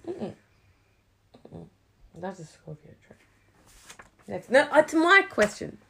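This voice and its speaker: A young woman, chatting casually, swearing a lot and swinging between loud outbursts and low mutters. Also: very animated, takes it slowly, vocal fry, slight background noise. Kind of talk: casual chat.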